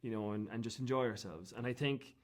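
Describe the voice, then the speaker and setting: A man's voice: mid-range voice, a little fast. Irish man, interview guest, casual storytelling, rambling, lots of fillers. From Ireland. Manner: rambling, many fillers and restarts.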